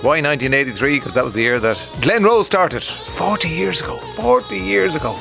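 A man's voice: fairly high pitch, vocal fry, over music. An Irish man hosting a radio show, chatting casually with a guest and linking into the next items, often correcting himself. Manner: chatty, friendly sign-offs, quick self-corrections. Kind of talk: casual radio chat and links. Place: radio studio.

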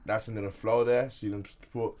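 A man's voice: fairly low pitch, level tone, a little fast, a little mellow. A man, a musician coaching someone through writing a rap, laid-back and encouraging. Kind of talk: casual coaching.

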